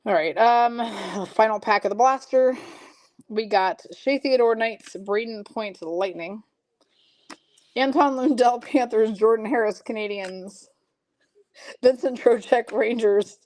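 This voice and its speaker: A woman's voice: a little high, slow pace, darkish tone, no echo. A woman hosting a live hockey card break, reading out pulls and chatting with viewers. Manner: chatty, reads card names and viewer comments. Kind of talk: casual live stream chat.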